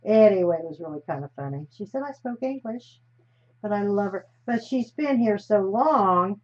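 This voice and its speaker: A woman from the United States chats while crafting on a live stream, rambling and often trailing off mid-sentence. Her mid-range voice moves at normal speed, and the recording is slightly dull with a faint hiss.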